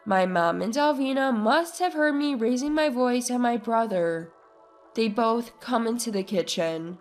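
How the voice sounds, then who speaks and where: Female narrator, high voice, slow measured story reading, faint music bed. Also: lively intonation. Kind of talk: scripted first-person story narration.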